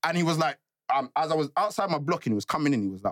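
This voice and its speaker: A man's voice: on the high side, expressive, racing, few pauses, fairly bright tone, no echo, studio quality. A man, chatting casually in a group and acting out other people's lines as he tells stories. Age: 20s.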